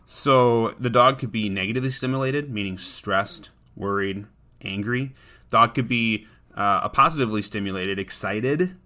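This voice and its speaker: A man's voice: fairly low pitch, normal speed, sharp tone. A man hosting a podcast about dog training, talking in an earnest, conversational way and often restarting his sentences. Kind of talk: casual podcast monologue.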